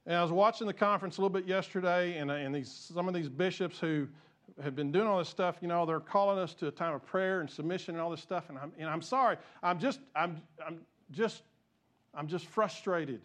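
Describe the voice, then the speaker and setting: Man, pastor, church sermon, high-pitched voice, impassioned, repeats himself. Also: brisk, fairly bright tone. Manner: impassioned, gets fired up and rises in pitch; repeats and restarts phrases. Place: church sanctuary.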